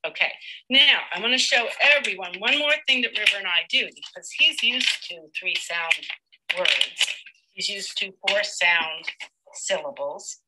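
A woman teacher leading a live demonstration lesson with a child, patient and encouraging, slowly sounding out words. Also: mid-range voice, lively intonation, very noisy.

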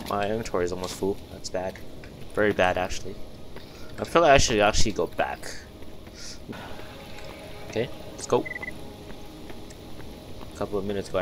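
Against a noisy background, a young man who makes gaming videos comments casually in a fairly low voice. He's jumpy and easily startled, calling everyone "bro" nonstop.

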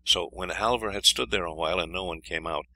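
Low, bright-voiced male storyteller. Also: brisk, poor audio. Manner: expressive, lively storytelling. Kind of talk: scripted fairy-tale narration.

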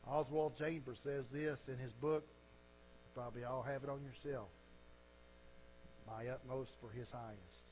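A man's voice: mid-range voice, fairly even intonation, unhurried, pauses often, a little mellow, slight background noise, rough recording. A man preaching a sermon as a pastor, telling folksy stories and closing in earnest prayer.

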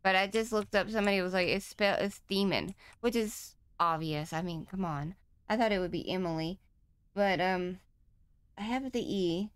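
A woman's voice: medium pitch, moderate pace, clear, resonant tone, no room sound. A woman playing a horror game and talking to herself as she plays, nervous and chatty, then signing off to her viewers. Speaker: gaming channel host.

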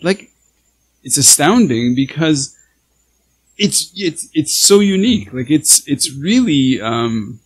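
A man hosting a podcast interview over a video call, talking in halting, restarting phrases that turn animated when he gets excited. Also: on the high side, breathy edge, poor audio. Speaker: podcast host. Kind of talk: casual interview conversation.

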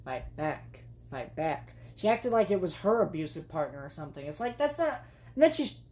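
A woman's voice: medium pitch, sing-song, fast, a little mellow, a little hiss or hum. A young adult woman reviewing a film in a vlog, chatty and exasperated, with lots of fillers. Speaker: movie vlogger. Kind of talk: casual movie review rant.

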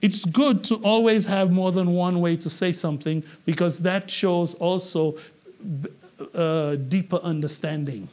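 A man from England teaching a public speaking class, animated and asking the students questions, often repeating himself. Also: sits high, measured pace. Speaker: English public speaking trainer.

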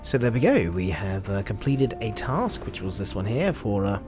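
A man's voice: fairly low pitch, big pitch swings, normal speed, over music. A man with an Australian accent giving chatty, jokey commentary over his own gameplay. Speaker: gameplay video host.

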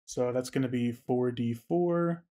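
A man's voice: mid-range voice, unhurried, a crowd in the background. A man narrating as game master of a tabletop game, with lots of fillers and restarts. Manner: loose, filler-heavy narration.

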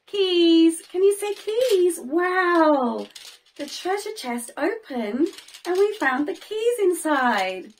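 A young woman teaching toddlers, talking in a slow, sing-song way with big gasps and cheerful praise. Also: very high voice, very animated. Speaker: children's teacher. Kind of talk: toddler learning video.

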